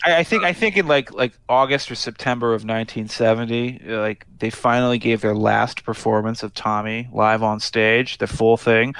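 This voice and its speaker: A man's voice: medium pitch, steady tone, moderate pace, hardly any pauses, a bit bright, smooth, no echo. A man co-hosting a casual music podcast, telling anecdotes with a chatty, joking manner. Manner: chatty storyteller, self-deprecating humor. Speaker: podcast co-host.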